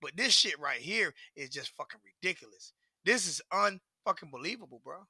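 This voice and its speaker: A man's voice: on the high side, animated, moderate pace, pushed and bright, breathy edge, dry recording, studio quality. A man, ranting profanely and repetitively as a sports fan commentator. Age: 40s.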